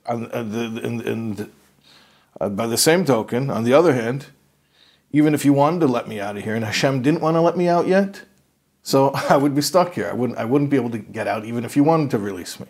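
A man's voice: medium pitch, expressive, a little fast, darkish tone, slightly rough. A man doing a steadfast young prisoner. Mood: insistent. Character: steadfast devout young male prisoner, calm.

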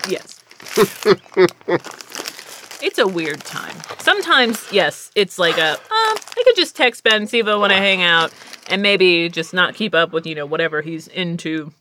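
A young adult woman, a guest in a casual chat, telling animated stories and laughing often. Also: lowish voice, measured pace, slight background noise.

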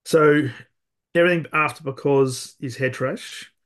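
Halting male interview host. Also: a little high, steady tone, a bit bright. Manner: halting, repeats words while forming questions. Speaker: podcast host. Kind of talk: interview conversation.

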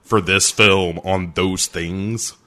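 A man's voice: sits low, steady tone, takes it slowly, bright, forceful tone. A man co-hosting a comedic movie podcast, chiming in with dry jokes. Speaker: podcast co-host. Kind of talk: comedic banter.

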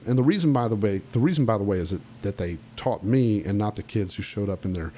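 Low mellow-voiced guy, blunt storyteller on a podcast, keeps restarting his sentences. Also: lively intonation, fast, a little hiss or hum. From Oklahoma. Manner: blunt, emphatic, frequent restarts. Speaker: guest musician. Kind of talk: casual podcast interview storytelling.

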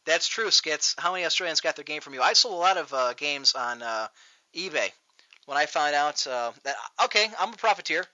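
A man hosting a show, ranting loudly and profanely in a mocking tone, recorded on dull lo-fi audio. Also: a little high, lively intonation, fairly quick, no echo. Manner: loud, profane, mocking rant. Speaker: podcast host. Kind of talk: ranting comedic talk show.

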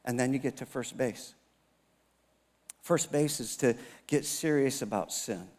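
A pastor in his fifties delivers a sermon in a medium-pitched voice. He tells a personal story with self-mocking humor and acts out the dialogue. His voice carries a long reverb from a large church hall. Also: a little slow, darkish tone. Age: 50s.

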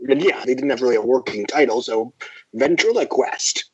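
A man's voice: mid-range voice, animated, normal speed, slightly rough, no echo, muffled recording. A man from the Midwest US, a film critic, talking as a guest in a casual interview with a dry, self-deprecating manner.

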